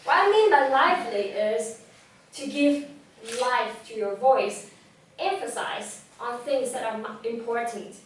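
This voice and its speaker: A young woman whose first language is Vietnamese, giving a lively, direct talk on public speaking to a live audience. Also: fairly high pitch, measured pace, slight background noise. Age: young adult. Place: event hall. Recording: echoey hall, voice from far off.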